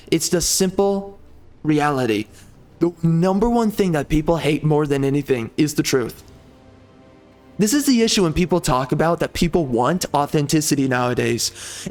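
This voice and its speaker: A gaming streamer ranting furiously, swearing constantly and circling back to the same complaints. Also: male voice, on the high side, a little mellow. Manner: mocks others in a put-on sugary tone. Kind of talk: angry profane rant.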